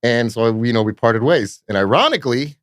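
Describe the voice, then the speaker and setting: A man's voice: mid-range voice, animated, brisk, no room sound, studio quality. Profane, rambling man telling club stories. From Fresno, California. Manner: rambling, profane, peppered with "blah, blah, blah". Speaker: podcast guest, nightclub promoter. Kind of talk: casual storytelling in a podcast interview.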